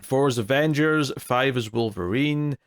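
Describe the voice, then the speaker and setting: A man chatting casually as a podcast co-host. He is dry and blunt and slips into mock outrage. His voice sits at a middling pitch for a man. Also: measured pace, clean tone. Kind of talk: casual chat.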